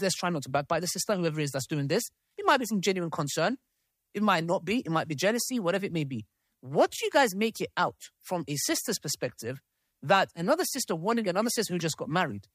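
A man's voice: high voice, fairly bright tone, no echo, studio quality. A man hosting a live panel discussion who reads messages aloud with asides and frequent checks with the room. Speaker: host of a debate panel.

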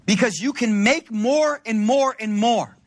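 A man's voice: extremely high pitch, measured pace. A man giving a religious talk to a congregation in a conversational, slangy storytelling way. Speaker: religious speaker.

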